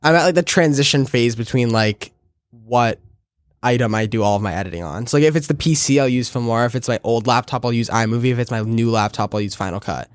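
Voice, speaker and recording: A man's voice: medium pitch, quick pace, smooth, dry recording. A young man chatting casually as a podcast guest, rambling and correcting himself with a constant stream of fillers. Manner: rambling, heavy use of 'like', self-correcting. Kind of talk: casual chat.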